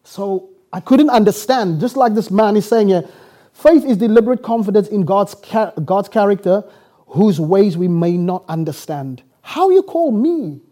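A preacher from South Africa telling his story in a sermon, acting out the dialogue and breaking into quick laughs. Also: sits high, warm tone.

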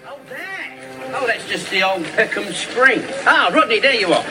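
Chirpy scheming London trader. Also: male voice, high-pitched, lively intonation, normal speed, music in the background, poor audio. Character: scheming cheerful London market trader man. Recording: TV clip with background noise.

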